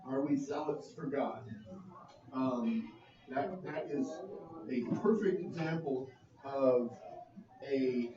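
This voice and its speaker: A man leading a small group Bible study, teaching in an earnest, halting way with many pauses. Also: mid-range voice, a crowd in the background. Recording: roomy lo-fi sound from a distant mic.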